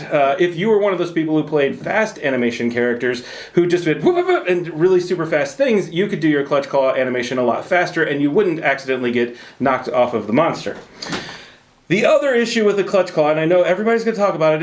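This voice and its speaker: A man hosting a casual chat about a video game, rambling and joking at his own expense. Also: on the high side. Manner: jokey, rambling, self-deprecating banter. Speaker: host.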